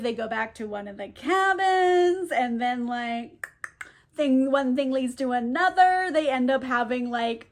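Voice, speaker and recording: A woman casually recapping a novel for her channel, chatty and irreverent, with frequent laughter and filler words. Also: sits high. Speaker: book vlogger.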